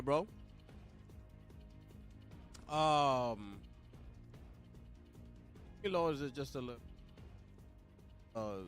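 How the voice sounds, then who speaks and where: Young male streamer, high-pitched, hyped slangy chat host, faint music underneath. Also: fairly bright tone. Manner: hyped, talks straight to chat with repeated slang call-outs. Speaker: livestream host. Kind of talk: casual live co-stream chat.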